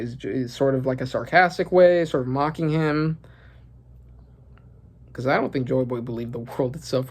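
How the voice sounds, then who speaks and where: A man reading through a comic and reacting as he goes, thinking aloud and swearing when surprised. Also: mid-range voice. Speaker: manga reaction channel host. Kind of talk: casual reaction commentary.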